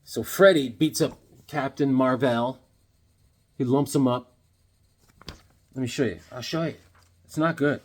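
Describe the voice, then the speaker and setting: A man showing off his comic books in a casual vlog, animated and joking, with corny puns and sudden yelps. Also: medium pitch, unhurried, long pauses. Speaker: comic book vlogger. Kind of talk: casual show-and-tell chat.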